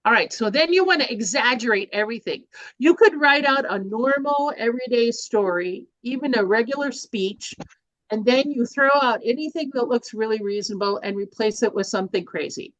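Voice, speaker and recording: A woman's voice: fairly high pitch, expressive, normal speed, no echo. An older woman presenting a speaking workshop, talking in an informal, chatty way with fillers and restarts. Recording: dry, slightly dull recording.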